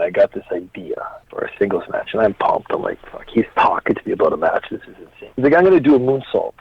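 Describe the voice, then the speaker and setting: A man in his thirties, a pro wrestler guest on a podcast, telling stories in a relaxed way, chuckling often and swearing casually. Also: medium pitch, breathy edge. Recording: dry, slightly dull podcast audio.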